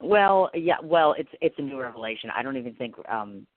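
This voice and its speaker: A woman's voice: rumbling low, animated, a little fast, no echo. A woman radio host talking in a casual interview chat, rambling and self-deprecating with lots of restarts. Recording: tinny phone line, dry.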